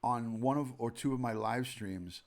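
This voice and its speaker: Man, 40s, New York accent, gravelly, mid pitch, rambling live-stream chat, greets viewers by name. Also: normal speed, a little mellow. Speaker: livestream host, retired detective. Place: home at night.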